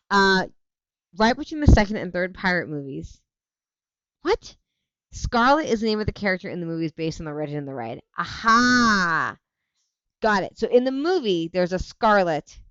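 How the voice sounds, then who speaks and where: A woman with a lowish, clear, resonant voice hosts a livestream, chatting casually and reacting to viewer comments. She's animated, laughs often, and interrupts herself. The sound is lo-fi, with no room sound.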